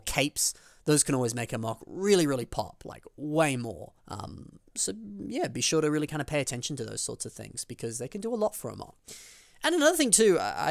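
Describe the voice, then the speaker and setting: Host, male, mid-pitched, excitable, casual build commentary, dead-dry booth sound. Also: no echo. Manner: enthusiastic, with big pitch jumps on emphasis; chatty, with frequent fillers and restarts.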